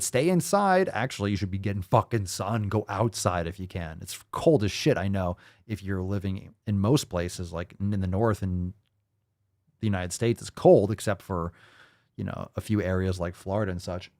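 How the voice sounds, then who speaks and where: Profane sarcastic man ranting, low and dry. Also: steady tone, normal speed, darkish tone, dry recording. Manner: profane, sarcastic, mocking voices. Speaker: host. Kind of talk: ranting commentary.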